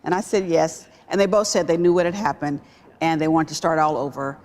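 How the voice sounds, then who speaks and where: A woman executive telling a personal story in a talk-show interview, emphatic and animated. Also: low-pitched, fairly quick, slight background noise. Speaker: guest, business executive.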